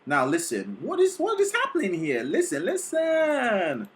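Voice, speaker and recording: Excitable vocal coach with a lively voice. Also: mid-range voice, a little fast, noisy background. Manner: excitable, sings short demonstrations between explanations; teacherly, keeps checking in with "okay?". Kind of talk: reaction video commentary.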